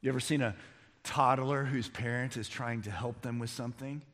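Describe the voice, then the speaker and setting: Guy preaching a sermon, gets loud and punchy, big echoey church sound. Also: mid-range voice, steady tone, moderate pace. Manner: emphatic preaching, rising to near-shouts. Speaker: pastor. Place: church sanctuary. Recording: long reverb of a large hall.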